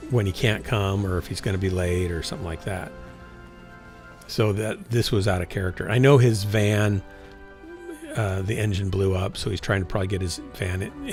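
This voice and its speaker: Gravelly older man rambling on stream. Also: on the low side, a little mellow. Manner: rambling, frank, self-correcting, trails off. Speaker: game streamer. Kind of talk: casual rambling chat while streaming.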